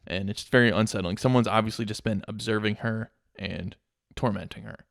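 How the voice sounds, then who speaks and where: A man co-hosting a casual movie podcast, relaxed, filling in story details with hesitant restarts. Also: lowish voice, fairly quick, gravelly, no room sound, studio quality. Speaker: podcast co-host. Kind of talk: casual movie review chat.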